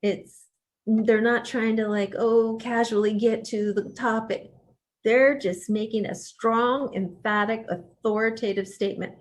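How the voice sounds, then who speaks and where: A woman's voice: a little high, steady tone, unhurried. A woman professor leading a writing workshop in a casual lecture style. She talks conversationally, with fillers and restarts, and turns emphatic when she coaches.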